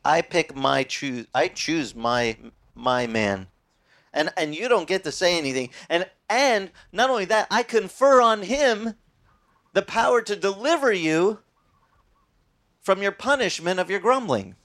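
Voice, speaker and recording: Preacher doing God, matter-of-fact and laid-back, firm decisions. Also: male voice, sits high, expressive, unhurried, a bit bright, pitched above the performer's own voice, exaggerated voice. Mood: commanding. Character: God, calm and decisive, speaking casually.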